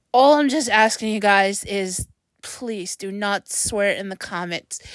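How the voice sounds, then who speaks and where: A woman hosting her own podcast, upset and near tears, rambling and tripping over her words. Her voice sits a little high and she speaks slowly and haltingly. The sound is close and dry. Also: fairly bright tone, no room sound. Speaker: podcast host. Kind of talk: personal monologue podcast.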